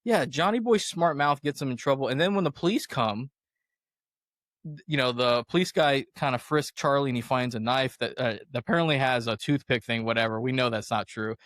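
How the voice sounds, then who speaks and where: A young adult man hosts a podcast and chats casually and animatedly about a movie, often laughing as he retells scenes. His medium-pitched voice is fairly bright and a little fast, with studio-quality sound and no room noise.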